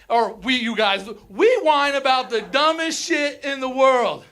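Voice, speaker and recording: A man's voice: very high voice, measured pace, few pauses, fairly bright tone, clear, resonant tone. A young man from Colorado doing a crude stand-up comedy set on a theater stage, ranting and mimicking whiny locals.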